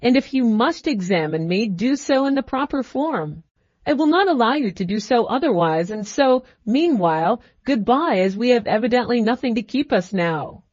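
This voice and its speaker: Give me an irritable proud young student, read by a woman, bitter and clipped, slightly high. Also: animated, moderate pace, a little mellow, no room sound, highs cut off. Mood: irritated.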